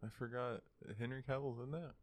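A man's voice: medium pitch, steady tone, fairly quick, no room sound, clean studio sound. A young man co-hosting a casual podcast, laid-back and swearing freely, getting heated when he rants. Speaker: podcast co-host. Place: home room.

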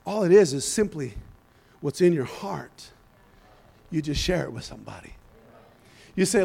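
A man preaches a sermon in a high voice, telling stories with growing energy. He rises to shouts at the big moments and keeps calling "amen?" and "hallelujah" between his points. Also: moderate pace, vocal fry, long pauses, breathy edge. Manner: animated storytelling, rising to shouts.

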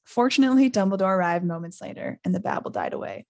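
A woman's voice: mid-range voice, fast, hardly any pauses. A woman hosting a podcast, reading a book aloud live with character voices and chatty asides. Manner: reads with animated character voices, laughs often.

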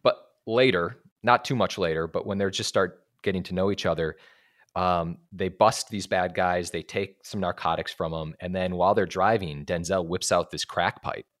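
A man's voice: low-pitched, normal speed. A man on a podcast, casually retelling a film scene and acting out its lines with loose, profane talk. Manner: animated storyteller acting out lines. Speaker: podcast co-host.

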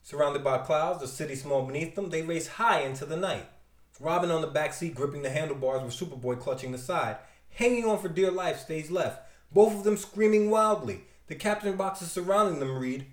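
A man's voice: on the high side, a little fast. A man recapping and reviewing a comic book issue with enthusiasm and wry asides. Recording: roomy echo.

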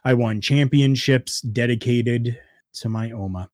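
Animated male podcast host, dry close mic. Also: mid-range voice, unhurried, no echo. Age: adult, former wrestler. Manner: animated and heartfelt, swings between loud bursts and quiet asides. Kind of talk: casual podcast talk.

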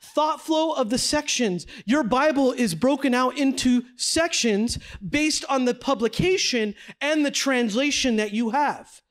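A man teaching a Bible study class from slides, energetic and conversational, asking the group questions. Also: very high-pitched, measured pace, few pauses.

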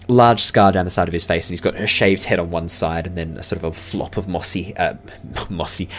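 A man with a lowish voice narrating a tabletop game as dungeon master. He talks in a relaxed, loose way full of fillers, over a faint background hiss.

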